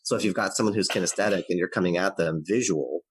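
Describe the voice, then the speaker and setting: A man's voice: sits low, fast talker, slight background noise, low-quality recording. A man giving earnest, explanatory parenting advice as a guest in a conversational interview. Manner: earnest, explanatory, varies his pace to demonstrate.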